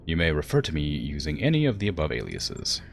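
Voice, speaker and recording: A man voicing an ancient male AI weapons platform, calm and formal, in a smooth put-on generic English accent. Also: a bass voice, a little fast, slight background noise, exaggerated voice. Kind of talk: reading game dialogue aloud.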